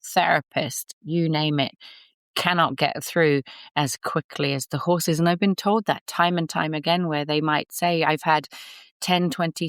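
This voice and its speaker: A woman's voice: low-pitched, no room sound, clean studio sound. A woman who trains horses, a guest on a podcast, speaking in an earnest, heartfelt way about spiritual connection. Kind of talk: podcast interview.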